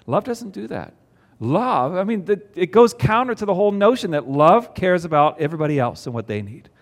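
A man preaching a sermon to a congregation, conversational, with rhetorical questions. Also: a little high. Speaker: pastor. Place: church before a congregation.

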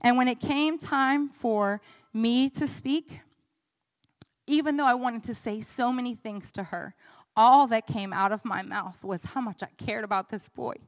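A woman's voice: on the high side, unhurried, big-room sound. Earnest woman preaching a testimony. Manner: earnest, emotional, builds to fervent peaks. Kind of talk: sermon testimony and prayer.

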